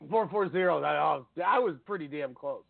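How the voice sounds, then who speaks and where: A man with a fairly high voice hosts a casual sports talk show, rambling and emotional as he tells stories. He comes through a tinny, phone-like line with a dry sound. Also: animated, normal speed, gravelly, no echo. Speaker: sports radio host.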